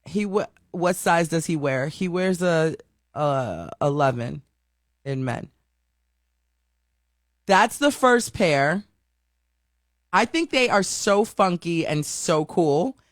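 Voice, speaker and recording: A woman hosting her own online show, telling a story in a chatty, animated way with lots of fillers and restarts. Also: lowish voice, slow, long pauses, dry recording, clean studio sound. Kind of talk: casual livestream chat.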